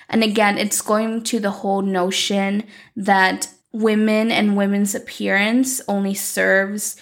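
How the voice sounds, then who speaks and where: A woman's voice: medium pitch, steady tone, a little slow, gravelly, few pauses. A woman recapping a telenovela in a chatty, opinionated way, full of "like". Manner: chatty, opinionated, uses "like" a lot. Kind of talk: casual recap.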